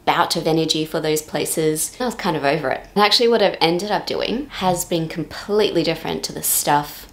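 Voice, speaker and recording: Chatty woman with a lowish voice. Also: fairly quick, hardly any pauses. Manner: chatty, with playful joking asides. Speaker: vlogger. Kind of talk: casual vlog narration.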